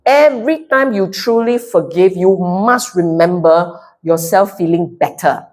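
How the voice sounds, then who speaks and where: A woman's voice: lowish voice, unhurried. A woman with a Singaporean English accent giving a Buddhist Dharma talk, playful and direct, often asking the audience if they follow. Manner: animated and playful, mixing in local slang; direct, keeps checking with the audience. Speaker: Dharma speaker.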